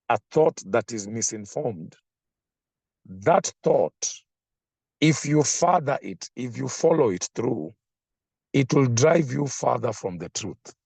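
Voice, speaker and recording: A man preaching a sermon, slow and emphatic, repeating phrases for effect. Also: medium pitch, sing-song, vocal fry, dark tone, breathy edge, no echo.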